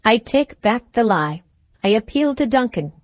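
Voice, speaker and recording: A proud Highland gentleman with a quick temper, read by a woman speaks in stiff, formal phrases. He bristles at any slight yet bows to real skill. The voice is close and dry, with no room sound. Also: very animated, dry recording. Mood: stiffly formal. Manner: fiery, formal and touchy.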